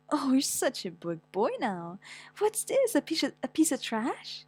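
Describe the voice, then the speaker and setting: A woman's voice: slightly rough, no room sound. A young woman reading a manga aloud with dramatic, stammering delivery and wailing outbursts. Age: young adult. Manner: animated, quick pitch swings, stammers, whiny wails. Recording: dry close mic with faint music.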